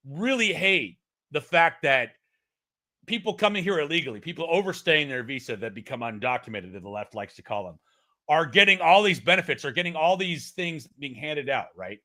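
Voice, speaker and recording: A man hosting a casual live-stream news commentary, excitable, swearing and laughing as he talks. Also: fairly high pitch. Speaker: host of a political news stream. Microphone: streaming setup mic.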